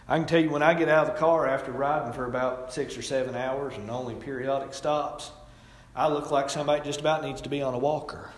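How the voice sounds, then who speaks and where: A man's voice: mid-range voice, fairly even intonation, fast talker. A middle-aged man preaching a sermon, telling folksy stories with rising and falling emphasis. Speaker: pastor. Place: church sanctuary. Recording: echoey hall, distant mic.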